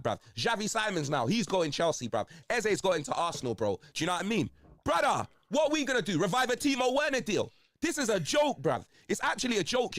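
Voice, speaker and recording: A man's voice: high-pitched, fairly bright tone, dry recording. A young man with a London accent, ranting in slang-heavy football banter, his voice congested. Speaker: football video host.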